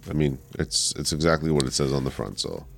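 A man's voice: very deep voice, lively intonation, brisk, vocal fry, soft background music. A man co-hosting a casual beer-tasting podcast, chiming in with short, agreeable remarks. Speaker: podcast co-host.

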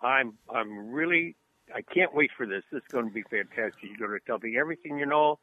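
A man's voice: medium pitch, brisk, a little hiss or hum. A man co-hosting a casual podcast chat over the phone, chatty and rambling through anecdotes. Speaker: co-host. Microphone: phone line. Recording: tinny phone line.

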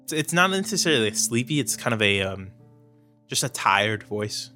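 A man's voice: lowish voice, very animated, normal speed, bright, forceful tone, faint music behind. A man narrating as game master in a casual, hedging way, full of fillers.

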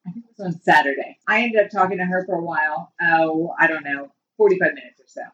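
A woman's voice: on the low side, quick pace, fairly bright tone, far from the mic, highs cut off. Chatty woman in her fifties telling a story. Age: 50s. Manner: chatty storyteller, laughs often. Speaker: host. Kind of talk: casual chat.

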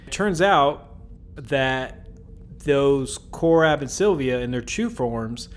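A man's voice: medium pitch, lively intonation, slow. Chatty man recapping with a laugh. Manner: chatty, laughing, puts on silly character voices. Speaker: podcast host. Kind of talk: casual episode recap.

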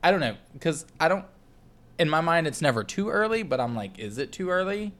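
A man co-hosting a spooky podcast in casual chat, rambling with fillers and quick laughs. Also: fairly high pitch, sing-song, a bit bright. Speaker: podcast co-host.

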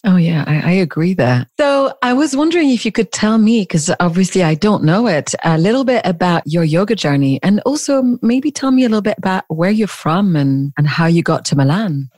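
A woman hosting a podcast interview, asking curious questions in a warm, friendly manner. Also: fairly low pitch, animated, fairly quick, few pauses, no room sound, studio quality. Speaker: podcast host.

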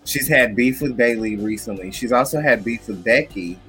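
A man's voice: mid-range voice, moderate pace, bright, forceful tone, faint music behind. A man co-hosting a casual chat show, talking with sassy, dramatic asides. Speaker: podcast co-host.

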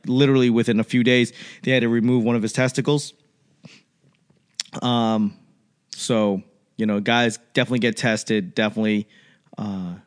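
A man hosting a casual solo chat, rambling and animated, with lots of fillers and restarts. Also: mid-range voice, smooth.

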